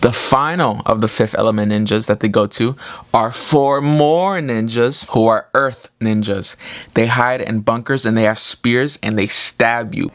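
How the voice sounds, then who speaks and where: A man reviewing a movie in a casual, excited retelling full of "like". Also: mid-range voice, a little slow. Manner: excited retelling, heavy use of 'like'. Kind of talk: casual spoken film review.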